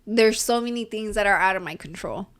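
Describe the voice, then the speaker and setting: A woman's voice: medium pitch, a little fast, a bit bright. Young woman, podcast co-host, casual chat, earnest, chatty, lots of fillers.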